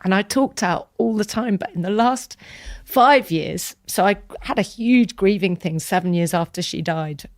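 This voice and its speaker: A woman, a podcast guest telling an emotional personal story in an earnest, tender way that sometimes drops to a soft whisper. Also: mid-range voice, normal speed, no room sound, studio quality.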